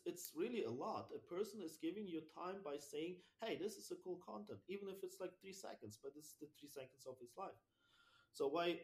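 A man with a German accent, a podcast guest talking about his dog training, speaking in animated, halting non-native English with frequent restarts and swearing. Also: on the high side. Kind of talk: casual interview chat.

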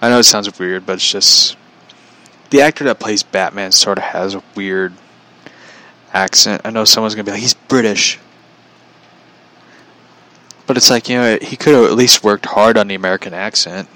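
Man, young adult, casual livestream chat, rambling, chuckles often, bright tone. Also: lowish voice, fairly quick. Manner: rambling, chuckling, reading out viewer comments. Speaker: vlogger.

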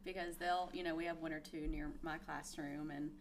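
A woman teacher chiming in softly during a casual podcast conversation. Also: low-pitched, little pitch movement, normal speed, background noise. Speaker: fellow teacher.

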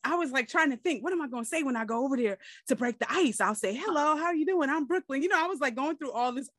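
A woman hosting a podcast, telling embarrassing stories in an animated, self-deprecating way. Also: high-pitched, fast talker, dry recording, studio quality. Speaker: podcast host. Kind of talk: casual chat.

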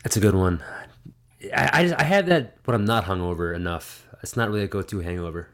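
A man co-hosting a casual comedy podcast, rambling with fillers and chiming in with quick reactions. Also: low voice. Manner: rambling, laughs easily, lots of fillers. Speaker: podcast co-host.

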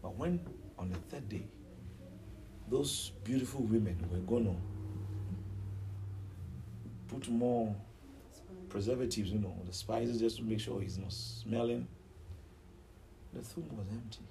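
A man preaching a sermon, telling the story dramatically and swinging between loud outbursts and hushed near-whispers. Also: lowish voice, a little slow, creaky, long pauses, slight background noise, low-quality recording.

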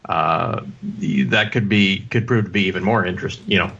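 A man's voice: deep voice, moderate pace, vocal fry, fairly bright tone, slightly rough. A man hosting a podcast, talking casually and rambling through restarts. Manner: rambling, many fillers and restarts. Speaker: podcast host. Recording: dull lo-fi sound.

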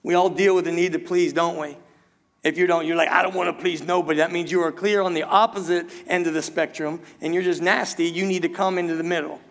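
In a church sanctuary, a male pastor preaches in a voice that sits high for a man, fairly quick and fairly even in intonation. He keeps throwing rhetorical questions at the congregation and restarting phrases, and a long hall reverb trails each line.

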